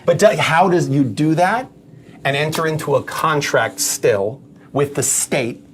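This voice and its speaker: A man with a New York accent, speaking as an attorney guest in a conversational podcast discussion. He tells animated stories with a sarcastic edge. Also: fairly high pitch, unhurried, a little hiss or hum. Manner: animated, sarcastic storyteller who acts out quotes.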